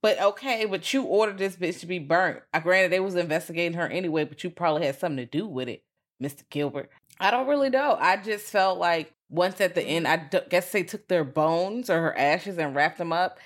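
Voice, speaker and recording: A woman co-hosting a podcast, chatting casually about a film, swearing freely and acting out characters with big jumps in voice. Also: brisk. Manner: profane, animated, acts out characters with big pitch jumps. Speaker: podcast co-host. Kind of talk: casual chat reviewing a film.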